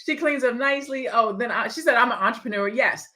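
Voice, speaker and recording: A woman's voice: a little high, fast, bright, forceful tone. A woman hosting a live-streamed motivational talk, speaking candidly and reading viewer comments aloud. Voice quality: slight lisp. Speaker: livestream host and speaker.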